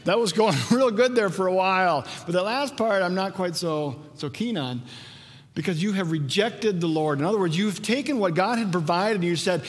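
A pastor preaching a conversational sermon, animated when acting out quotes. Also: male voice, sits high, normal speed. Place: church sanctuary. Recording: long church reverb.

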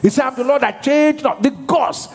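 A man preaching a sermon as pastor, with call-and-response questions to the congregation and bursts of shouted prayer. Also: very high voice, moderate pace. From Nigeria. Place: large church hall. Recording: live church hall reverb.

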